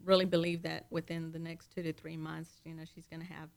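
A guest on a talk show speaks in a mid-pitched voice with a gravelly edge. They chime in with frequent yeses and mm-hmms and then offer their own views. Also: level tone, fast. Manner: frequent affirming backchannels. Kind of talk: casual talk show chat.

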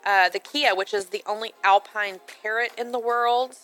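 A woman co-hosting a casual chat, sharing facts in a relaxed, informative way. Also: medium pitch, normal speed, faint music behind, rough recording. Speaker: co-host.

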